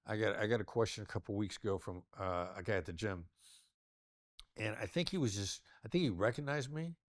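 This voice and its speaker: A man's voice: lowish voice, brisk, no echo, clean studio sound. An older man, a negotiation expert giving an interview, who talks in a demonstrative way and shifts his tone to illustrate his points. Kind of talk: interview conversation.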